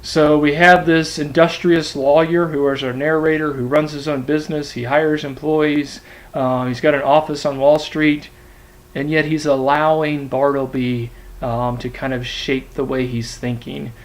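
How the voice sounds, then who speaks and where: A man giving a literature lecture, his voice a touch higher than most men's. He talks hesitantly, stopping for ums as he thinks. The lecture style is explanatory and unhurried. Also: little pitch movement, low-quality recording. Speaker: literature teacher. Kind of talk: classroom lecture.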